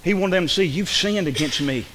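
Pastor preaching loud and animated, bit high voice, long church hall echo. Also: male voice, a little fast, a little hiss or hum. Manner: emphatic, acts out quoted speakers. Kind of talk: sermon. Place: church sanctuary.

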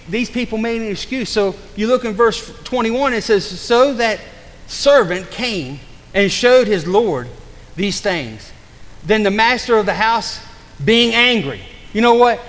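Man, pastor, preaching, mocks excuses in quoted voices, high-pitched, long hall echo. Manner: swings between loud urgent preaching and low hushed warnings. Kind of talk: sermon. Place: church.

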